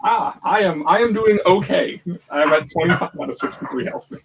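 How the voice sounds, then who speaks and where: A man's voice: high voice, moderate pace, distant mic, background noise. A man playing a tabletop game, reacting eagerly and stumbling over numbers as he works out damage. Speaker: player.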